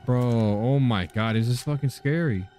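A man's voice: medium pitch, moderate pace, dark tone, faint music behind. A young man casually commenting while playing a horror game, reacting with startled, profane outbursts. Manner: jumpy, profane reactions to scares. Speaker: gaming channel host. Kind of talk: let's play commentary.

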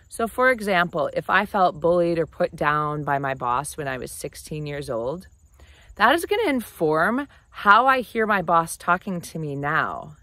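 A woman talks straight to camera in a casual advice chat. Her pitch swings lively up and down as she explains. The sound is close and dry, with no room around it. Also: no echo. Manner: animated, conversational, often acts out quoted phrases. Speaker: relationship advice host.

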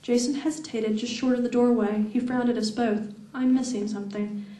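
A woman reading her first-person novel aloud at a live event, in a steady, expressive voice. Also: on the high side, a little fast. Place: event hall. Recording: echoey room, far from mic.

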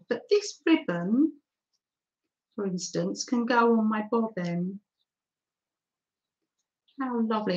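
Painting live during a mixed-media art demo, a woman hosting a craft stream chats, thinks aloud, and reads out and thanks viewers for their comments. She speaks at a medium pitch on a lo-fi recording.

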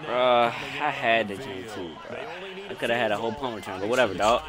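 A young man giving loud, excited commentary while playing a football video game, swearing and bursting into shouts. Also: medium pitch, fast. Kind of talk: excited live gameplay commentary. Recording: loud game crowd noise behind. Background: game stadium crowd.

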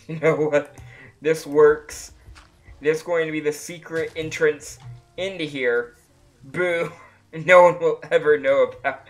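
A livestreamer chatting casually through a gameplay session, laughing at nearly every turn and spilling out exclamations. The voice sits at a middle pitch, and faint music runs quietly underneath. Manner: laughs often, exclaims a lot. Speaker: livestreamer playing a block-building game. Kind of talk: casual live gameplay commentary. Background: faint music playing.

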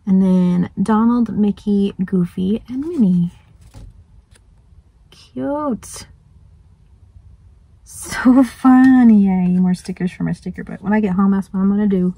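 A woman's voice: mid-range voice, fairly even intonation, moderate pace, hardly any pauses, warm tone, husky, dry recording, poor audio. A woman vlogging outdoors by a lake, chatting and gushing, sometimes dropping to a whisper. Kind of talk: casual chat.

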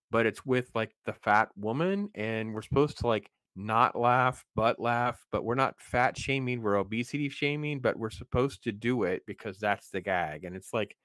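A man with a somewhat low voice reviews a film in a loose, rambling way, full of fillers and restarts. He sounds openly exasperated and keeps circling back to how bad it was. The sound is dry and close, with no room around it. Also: a bit bright, dry recording. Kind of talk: casual movie review.

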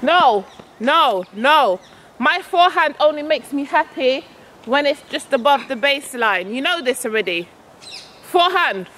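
A woman's voice: sits high, animated, measured pace, a bit bright, slight background noise. A woman coaching her son at tennis on an outdoor court, calling out shots and chatting casually to her vlog viewers. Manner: calls out shots, chatty and coaxing.

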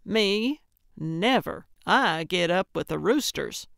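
A woman's voice: fairly low pitch, animated, takes it slowly, creaky, a bit bright, dry recording, clean studio sound, heavily acted. A woman voicing a chipper older woman who plays amateur sleuth, talking in a perky, cheeky way.

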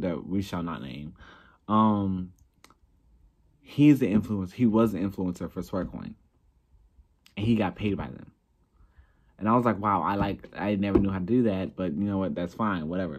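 Young male vlogger, deep register, blunt and profane, self-deprecating. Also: a little mellow, breathy edge. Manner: profane, blunt, laughing at himself. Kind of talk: casual ranting commentary.

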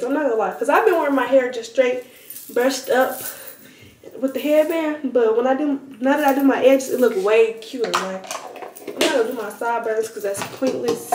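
A woman's voice: high-pitched, moderate pace, noisy background. A teenage girl vlogging casually at home, rambling to viewers and calling them y'all. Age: teens. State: out of breath at times. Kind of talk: casual vlog talk to camera. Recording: roomy, somewhat distant phone audio.

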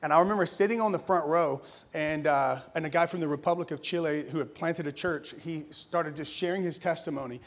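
A Louisiana pastor in his thirties, with a slightly high voice and a fairly quick pace, shares his personal testimony in a conference sermon. His delivery is conversational, with laughs and restarts.

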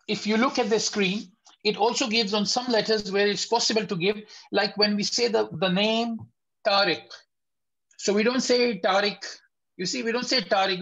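A Quran recitation teacher with a high, slightly bright voice gives an online tajweed lesson, captured on a low-quality recording. He patiently repeats letter sounds slowly and asks his students whether it is clear.

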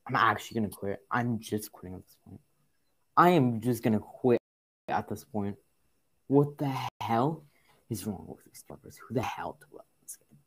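A young man giving frustrated gameplay commentary, muttering to himself and breaking into loud exasperated outbursts. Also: fairly low pitch, animated, moderate pace, long pauses, husky. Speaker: gaming video creator.

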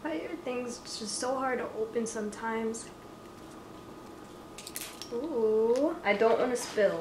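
A woman's voice: a little high, slow pace, pauses often. A young woman casually chatting through a product review, filler-heavy and giggly. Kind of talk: casual chat. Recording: echoey room with faint noise.

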